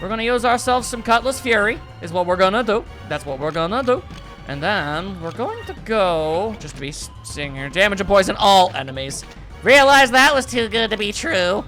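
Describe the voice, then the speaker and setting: Man, wry gameplay commentary, animated swooping delivery, soft game music under. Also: high-pitched, normal speed. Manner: wry, chatty, reads out the game's dialogue. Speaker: let's play commentator. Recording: faint game music behind the voice.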